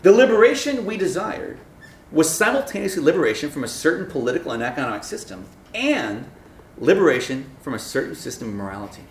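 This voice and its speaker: This campus minister's voice is a little high and quick as he gives a sermon to students. He tells stories with humor, animatedly acting out the voices. Sound comes from a distant mic in an echoey room, with faint noise.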